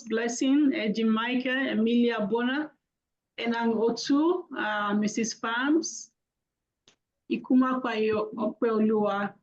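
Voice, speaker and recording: A woman's voice: a little high, darkish tone. Lady wrapping up a zoom call, thanking everyone by name, muffled call audio. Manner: effusive, thanks attendees one by one by name. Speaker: host of an online money talk. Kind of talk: casual thank-yous and roll-call at the close of a video call. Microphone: video call. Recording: dull lo-fi video call audio.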